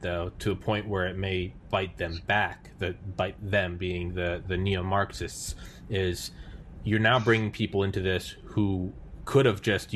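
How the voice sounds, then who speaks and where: A man's voice: deep voice, a little hiss or hum. A man talking heatedly in a podcast discussion, swearing often and mocking others by putting on their voices. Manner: animated, profane, mocking impressions of others. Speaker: podcast panelist.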